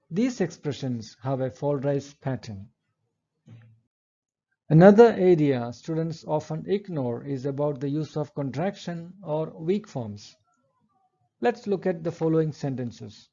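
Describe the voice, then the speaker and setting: A man's muffled recording captures him giving an English lecture, calmly breaking things down step by step and reading examples aloud. He has a fairly high, mellow voice with lively intonation.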